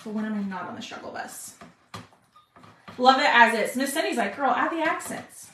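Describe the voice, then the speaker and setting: A woman's voice: fairly high pitch, lively intonation, moderate pace, roomy sound, background noise. A woman hosting a live craft stream, chatting with viewers as she works. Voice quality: chatty, talks to viewers with "y'all". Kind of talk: casual live craft demo.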